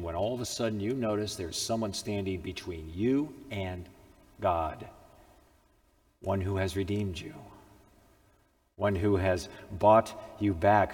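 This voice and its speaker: A male preacher delivers a storytelling sermon at an unhurried, deliberate pace. He moves from booming declarations to near-whispers. A long hall reverb trails his words. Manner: dramatic, swings from loud proclamations to hushed tones.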